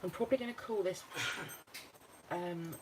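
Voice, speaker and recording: A woman's voice: fairly low pitch, normal speed, background noise. A British woman talking through her scrapbooking as she works, chatting and thinking aloud. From United Kingdom. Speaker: craft vlogger. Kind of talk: casual crafting walkthrough.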